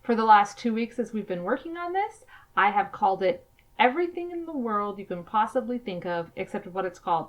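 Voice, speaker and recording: A woman's voice: a little high, expressive, normal speed, poor audio. A woman co-hosting a podcast, chatty and self-deprecating as she recaps a book. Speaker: podcast co-host. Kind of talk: casual podcast chat.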